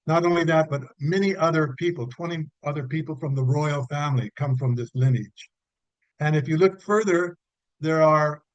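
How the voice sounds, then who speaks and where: Halting man presenting slides on a call. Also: a little high, dry recording, low-quality recording. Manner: halting, with fillers and restarts. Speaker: presenter at a church club meeting. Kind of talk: presenting slides in an online meeting.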